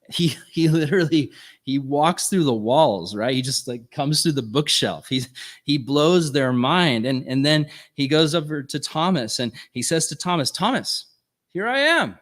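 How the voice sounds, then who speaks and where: A man of middle pitch gives a ministry workshop talk with an earnest, conversational delivery. He often tosses in casual "right?" asides.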